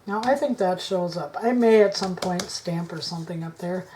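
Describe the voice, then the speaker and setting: A woman vlogging her craft work to camera on a tripod, thinking aloud, indecisive, often dropping into soft mutters. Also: on the low side, normal speed, hardly any pauses, a little hiss or hum. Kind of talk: casual crafting chat to camera.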